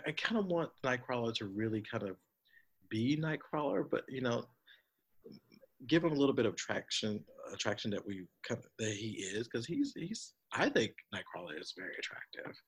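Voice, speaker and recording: Husky-voiced man in casual chat. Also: mid-range voice. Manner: animated, rambling with fillers. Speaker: podcast co-host.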